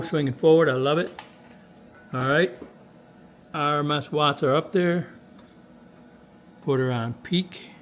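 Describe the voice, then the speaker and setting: A man's voice: a little high, a bit bright, slight background noise. A man in a radio workshop giving casual commentary to a camera while testing and tuning a radio, in a folksy, chatty way. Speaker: CB radio technician.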